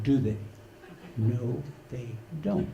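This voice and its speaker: A man's voice: medium pitch, expressive, slow, vocal fry, mellow, muffled recording, slight background noise. An older man giving a humorous conference talk, telling playful stories and acting out the quotes. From Canada. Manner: storytelling, playful, acts out quotes. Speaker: conference speaker.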